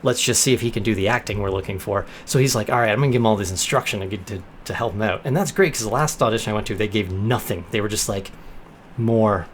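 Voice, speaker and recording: A young man vlogging casually, telling an anecdote and acting out quoted lines with lively bursts. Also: on the low side, very fast, few pauses, slight background noise. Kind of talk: casual storytelling vlog.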